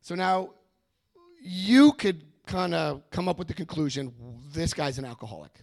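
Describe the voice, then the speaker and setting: A man giving a personal testimony at a recovery meeting, telling his story with animated energy and acting out what people said. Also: fairly high pitch, moderate pace, creaky. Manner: animated storytelling, acts out quoted voices. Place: meeting room before a live audience.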